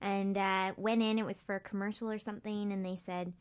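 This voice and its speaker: A woman's voice: mid-range voice, level tone, a little fast, smooth. Giggly woman guest, playful chat. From Canada. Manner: giggly, playful, self-deprecating. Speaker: guest voice actress. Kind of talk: casual interview chat.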